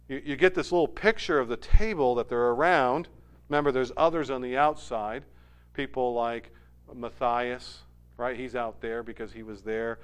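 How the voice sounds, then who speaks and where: A man preaching with a high, smooth voice. He retells the scene dramatically, building up loud for emphasis and then dropping soft and low. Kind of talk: sermon.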